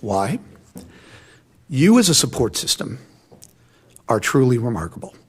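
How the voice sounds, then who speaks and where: A man delivering a commencement speech in a large hall, folksy and encouraging. He openly admits to getting emotional. His voice has a breathy, husky edge. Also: mid-range voice, sing-song, measured pace. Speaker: commencement speaker.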